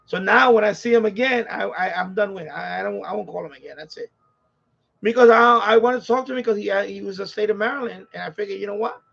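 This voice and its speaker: A man's voice: sits high, creaky, a bit bright, breathy edge. A man with a New York accent hosting a ham radio live stream, venting in an exasperated, repetitive way, on dull lo-fi audio. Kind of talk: casual live-stream rant.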